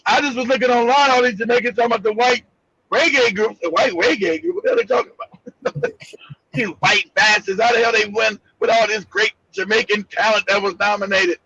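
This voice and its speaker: A man co-hosting an online talk show, chatting bluntly with lots of laughter and animated retelling. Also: high-pitched, a little fast, creaky, breathy edge, no echo, dull audio. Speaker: co-host. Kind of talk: casual chat.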